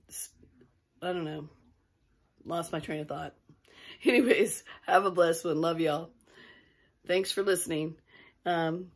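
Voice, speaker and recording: Husky woman telling a spooky tale. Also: on the low side, darkish tone. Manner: rambling, self-interrupting. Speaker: vlogger. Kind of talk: casual storytelling to camera.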